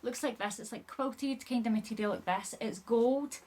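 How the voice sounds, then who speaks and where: A woman's voice: a little high, moderate pace, a little mellow. Breathless chatty woman showing her haul. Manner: chatty, rambling, apologetic, lots of "like". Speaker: haul vlogger. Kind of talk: casual chat showing items.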